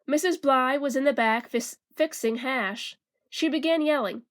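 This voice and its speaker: A woman reading a children's storybook aloud in a slow, careful, sing-song way. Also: high-pitched.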